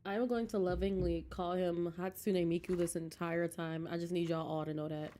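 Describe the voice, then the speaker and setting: A woman's voice: fairly low pitch, fairly even intonation, normal speed, mellow. A woman streaming a game from home, chatting casually with her viewers and laughing often, close to a desk mic. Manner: chatty, giggly, talks to chat.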